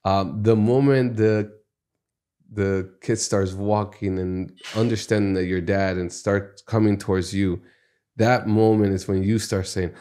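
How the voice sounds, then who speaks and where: A man's voice: lowish voice, fairly even intonation, unhurried, mellow. A man who is a guest on a podcast, telling stories from his life in an earnest, reflective way. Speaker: podcast guest, music executive. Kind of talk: conversational interview storytelling.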